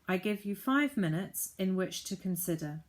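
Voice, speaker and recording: A woman reading the part of a smooth, menacing prince who stays courteous while he threatens. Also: medium pitch, animated, moderate pace, natural voice. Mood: silkily threatening. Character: smooth menacing adult male prince, falsely polite.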